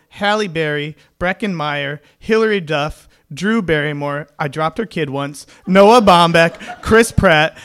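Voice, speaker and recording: A man's voice: on the high side, fairly bright tone. A young man with a tenor voice telling comic stories on a small stage, with wry, self-mocking delivery. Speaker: storyteller. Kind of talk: comedic live storytelling. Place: small stage venue before an audience.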